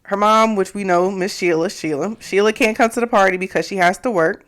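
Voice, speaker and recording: A woman's voice: medium pitch, a little fast. A woman co-hosting a casual TV recap show, walking through the episode in a plain, matter-of-fact way. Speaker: podcast co-host.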